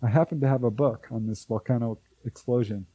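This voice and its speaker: Here the guest, a man who writes about and researches UFOs, narrates a long interview story, vividly mimicking the people he quotes. He speaks fairly quickly in a husky, mid-range voice, and the recording sounds muffled.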